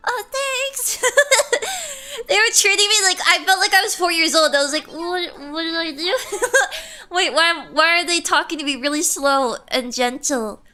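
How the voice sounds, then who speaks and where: A young woman streamer with a squeaky voice, chatting casually and telling a rambling story, giggling and correcting herself often. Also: a little slow, sharp tone.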